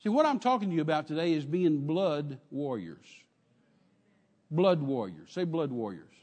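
High-voiced older Texan preacher in reverb. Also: male voice, very animated, moderate pace, a little mellow. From Texas. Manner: emphatic storytelling, repeats phrases, calls out to congregation. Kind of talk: sermon. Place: church.

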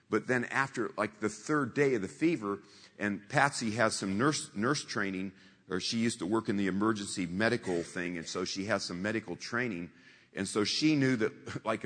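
A man's voice: lowish voice, fairly bright tone, long reverb tail. A man preaching a sermon in a conversational storytelling way, repeating scripture lines for emphasis.

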